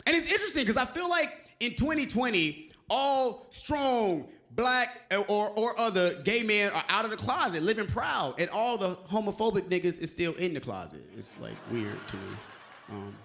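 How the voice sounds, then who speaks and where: Animated young man doing stand-up. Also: normal speed, creaky. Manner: animated, shouts and sings punchlines, high squeaky acted quotes. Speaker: stand-up comedian. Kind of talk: stand-up comedy set.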